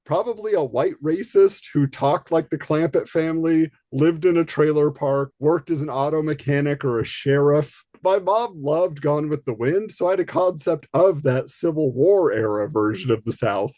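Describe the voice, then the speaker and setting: A man from California co-hosting a podcast, telling stories in a measured, casual way. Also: mid-range voice, dark tone, dry recording, clean studio sound. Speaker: podcast co-host.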